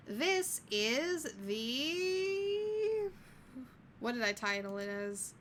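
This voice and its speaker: A woman's voice: on the high side, big pitch swings, slow, fairly bright tone, slight background noise. A woman streamer reading a story game aloud, breaking off to apologize and joke.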